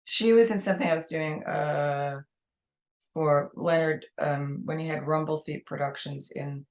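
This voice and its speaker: A woman's voice: sits low, steady tone, a little slow, darkish tone. A woman with a New York accent, a guest telling long, rambling anecdotes in a casual interview.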